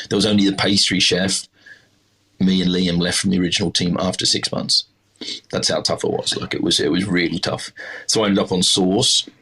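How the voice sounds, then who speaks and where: Australian chef, middle-aged man, deep slightly husky voice, loose rambling anecdotes. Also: a bit bright. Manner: rambling, many fillers and restarts, self-deprecating. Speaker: chef, podcast guest. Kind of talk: casual interview storytelling.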